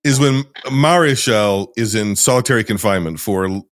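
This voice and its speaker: A man's voice: on the low side, moderate pace, dry recording, clean studio sound. A man hosting a podcast, casually retelling film scenes with restarts and swearing. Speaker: podcast host.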